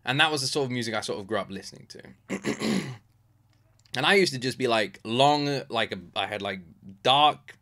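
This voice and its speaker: British man, 30s, excitable reaction host, bright tense voice, mid pitch. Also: moderate pace. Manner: openly emotional, excitable, lots of fillers. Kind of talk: casual chat.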